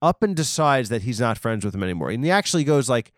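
Rambling comedian man, lively pitch. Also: quick pace, no echo, studio quality. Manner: digressive, rambling, mock arguments with himself; bursts into loud high sung shouts.

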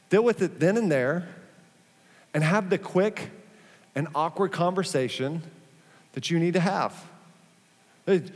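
A man delivers a sermon in a lively, conversational way, dropping playful asides between points. His voice sits high for a man. The sound rings with the long reverb of a big church hall. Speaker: pastor.

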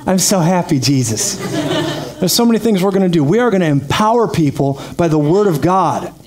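High-pitched, energetic male preacher. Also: fairly quick, crowd noise. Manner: energetic, laughs often, calls out "praise God". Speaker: pastor. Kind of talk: sermon.

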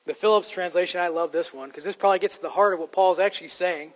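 Male pastor, sermon, fairly high voice, conversational, emphatic. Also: expressive, fast talker, few pauses, low-quality recording. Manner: conversational preaching with emphatic rises and repeated restarts.

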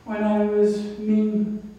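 A woman's voice: medium pitch, completely flat delivery, very slow, mellow. A woman missionary giving a sermon, telling her own story in a reflective way. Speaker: missionary speaker. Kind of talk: sermon with personal testimony. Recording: echoey hall from far off.

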